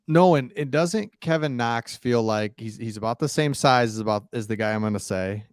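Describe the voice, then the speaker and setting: A man's voice: mid-range voice, normal speed, no room sound. Loose, joking male sports co-host. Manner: loose, filler-heavy, dry jokes. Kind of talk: casual sports talk.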